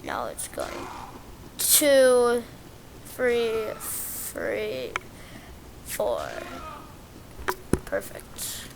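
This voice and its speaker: A woman's voice: a little high, drawn-out words, vocal fry, long pauses. Rambling woman narrating gameplay, noisy. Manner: rambling, self-deprecating, easily excited. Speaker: game guide presenter. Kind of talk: casual gameplay commentary.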